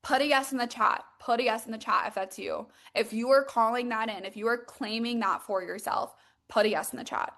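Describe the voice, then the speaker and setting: A young woman runs a live-streamed coaching session and sits a little high in her register. She sounds bubbly and excitable, and "like" runs all through her speech. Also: fairly quick. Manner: bubbly and excitable, heavy use of "like". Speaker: manifestation and mindset coach.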